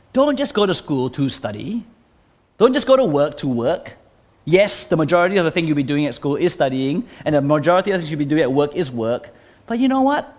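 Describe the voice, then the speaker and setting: A man preaching a sermon and leading a closing prayer, earnest, pausing and restarting his phrases. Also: a little high.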